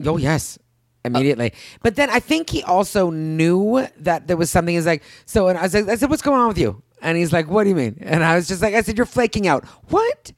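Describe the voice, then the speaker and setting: A woman in her thirties tells stories in casual chat, her voice leaping high and low as she acts out what others said. The sound is close and dry, with no room around it. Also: quick pace, dry recording. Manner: animated storyteller, acts out quotes with big pitch jumps.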